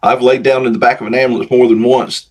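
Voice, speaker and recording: A man who is a paramedic and pastor, talking in a measured way with dry, dark humor as a guest. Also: medium pitch, little pitch movement. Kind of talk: casual interview chat.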